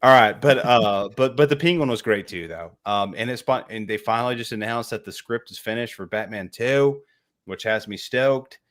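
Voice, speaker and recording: A man's voice: medium pitch, moderate pace, fairly bright tone. A man co-hosting a casual movie podcast, enthusiastic and rambling. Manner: enthusiastic, rambling, lots of fillers. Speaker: podcast co-host. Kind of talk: casual chat.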